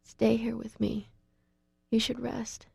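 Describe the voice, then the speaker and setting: A woman voicing a feverish young woman whose voice is weak, thin, raspy and breathless. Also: mid-range voice, steady tone, moderate pace, dry recording, clean studio sound. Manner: soft and breathless.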